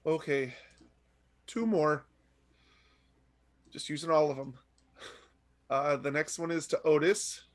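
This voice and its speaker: A man playing in a tabletop game who chats in a relaxed way about his character's messages. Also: a little high, slow pace, pauses often. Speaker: player. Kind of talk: casual tabletop play.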